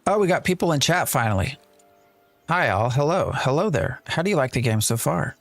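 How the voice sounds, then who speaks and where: A man's voice: on the high side, expressive, brisk, a bit bright, faint music behind. A man streaming a game live, chatting and thinking aloud as he plays and answering his chat. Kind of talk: live gameplay commentary.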